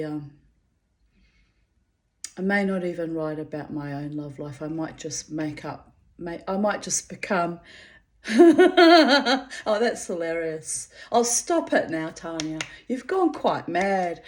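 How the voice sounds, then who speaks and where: A woman's voice: deep voice, a little mellow. A woman in her fifties talking in a rambling personal monologue, chatty and self-mocking, often breaking into laughter. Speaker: vlogger.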